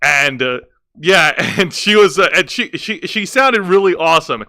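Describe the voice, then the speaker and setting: A man's voice: on the high side, animated, a little slow, bright, forceful tone. A man co-hosting a wrestling podcast, recapping segments with many fillers and restarts. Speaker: co-host. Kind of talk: casual wrestling review chat.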